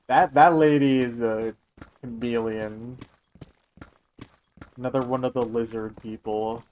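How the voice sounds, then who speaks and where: A man's voice: medium pitch, steady tone, takes it slowly, darkish tone, rough recording. Young male streamer; loose, joking live chat with viewers in a middle register. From Michigan, USA. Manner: chatty, joking, answering chat.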